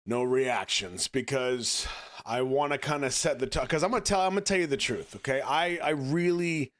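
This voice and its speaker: A man with a raspy voice, talking earnestly and haltingly to his viewers on a casual live stream. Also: mid-range voice. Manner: earnest, halting, many restarts. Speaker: livestreamer.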